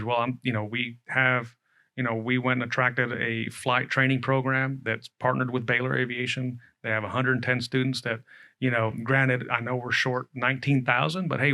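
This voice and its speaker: Man, airport director; gravelly, flat delivery, rambling panel talk. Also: mid-range voice. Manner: rambling, many fillers. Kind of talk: panel discussion.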